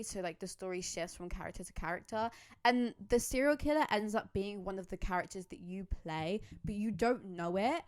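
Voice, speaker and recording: A young woman chatting casually to camera as a YouTuber, rambling enthusiastically with lots of fillers. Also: medium pitch. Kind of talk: casual fan commentary.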